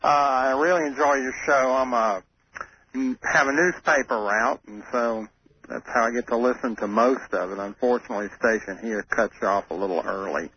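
A man's voice: mid-range voice, fairly quick. A man calling into a radio show who talks in a hesitant, chatty way with many fillers. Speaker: caller. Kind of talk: phoned-in radio call. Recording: muffled phone call on AM radio with faint noise.

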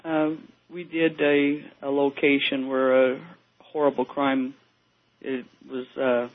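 A man's voice: medium pitch, flat delivery, takes it slowly. Hesitant man on a phone line. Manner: hesitant, many uhs, laughs. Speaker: paranormal investigator guest. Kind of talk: phone-in interview.

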